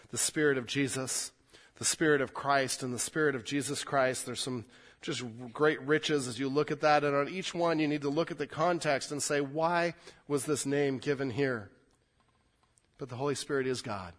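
A middle-aged man preaching a sermon, swinging from loud, emphatic scripture reading to quiet, intimate asides, often repeating words as he restarts. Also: mid-range voice, steady tone, normal speed. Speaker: pastor.

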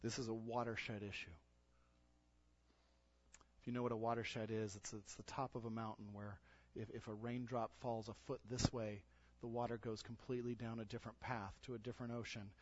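A man pastor preaching a sermon to his church in an earnest voice that rises to loud exhortation. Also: mid-range voice, level tone, a little fast. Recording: dull lo-fi sound.

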